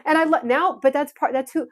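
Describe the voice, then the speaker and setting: A young woman with a Californian Valley girl accent, chatting casually on a livestream and saying "like" constantly. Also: high voice. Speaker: YouTuber livestreaming to viewers.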